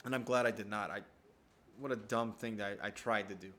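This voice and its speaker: A man's voice: fairly low pitch, fairly even intonation, a little fast, sharp tone, a little hiss or hum. A man at home telling a rambling, profane story in a casual monologue. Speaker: vlogger. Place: at home, downstairs.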